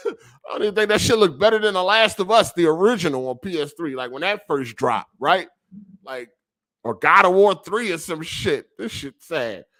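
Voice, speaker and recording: Over a streaming setup with a weak connection, a male gaming podcast host rants casually, swearing heavily, using slang and airing his frustration. He has a high-pitched, bright voice with a forceful tone.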